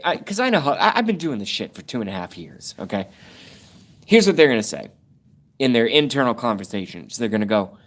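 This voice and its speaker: A man of middling pitch rants through a livestream, reading chat comments aloud as he goes. His talk rambles and turns profane, and his voice leaps up and drops back without warning. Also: sing-song, normal speed, pauses often. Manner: rambling, profane, sudden jumps in pitch and loudness. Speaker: livestream host.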